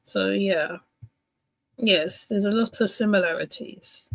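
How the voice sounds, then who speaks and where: A woman's voice: mid-range voice, takes it slowly, gravelly, no echo, low-quality recording. Chatty woman with a dry close voice. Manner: rambling, chatty, many fillers and restarts. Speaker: commentator reacting to a clip. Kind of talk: casual reaction commentary.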